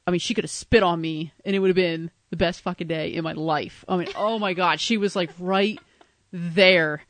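Excitable woman from New Jersey, low voice. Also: moderate pace, dry recording. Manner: excitable fan, swearing, playful threats. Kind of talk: casual chat.

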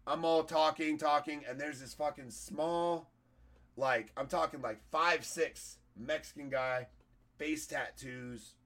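A hoarse-voiced man, a comedian, telling a story in casual, profane podcast chat. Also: a little high, slow, fairly bright tone.

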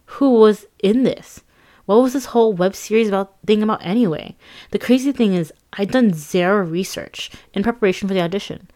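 A woman reading her own memoir aloud as an audiobook, in a conversational, lively and self-mocking way. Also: medium pitch, fairly quick.

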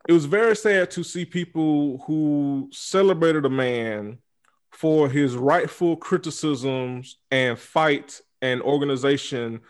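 A man hosting a podcast, speaking in a heated, profane, repetitive casual rant. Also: medium pitch. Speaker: podcast host. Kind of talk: casual chat.

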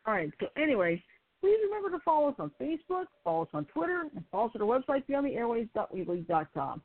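A woman co-host talks with a lively, swooping pitch and an upbeat manner. Her voice comes through thin and narrow, like a phone-line call into an internet radio show. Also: fast, no echo. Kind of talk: casual chat, signing off the show.

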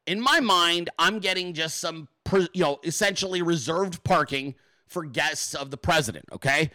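A man hosting his own show, telling a story in a crude, profane, animated way and often checking in with "okay?" or "right?". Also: a little high, moderate pace, no echo, low-quality recording. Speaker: podcast host.

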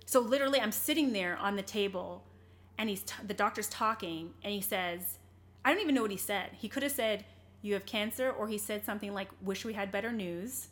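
A woman's voice: medium pitch, brisk, fairly bright tone. A young adult woman, an interview guest, telling a personal story candidly in conversation, earnest and rambling, with many fillers and restarts.

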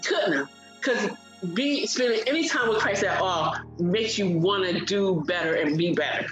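A woman telling a personal faith testimony in a casual, animated way on a broadcast. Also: mid-range voice, normal speed, echoey room, soft background music, poor audio. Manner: animated storyteller, laughs and cries while recalling. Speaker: guest sharing testimony.

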